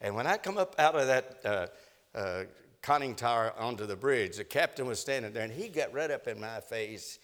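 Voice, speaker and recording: Older man, preacher, folksy sermon storytelling, lots of fillers, mid pitch, long echoing hall. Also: lively intonation, normal speed, fairly bright tone. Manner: folksy storytelling, many "uh" fillers, emphatic rises.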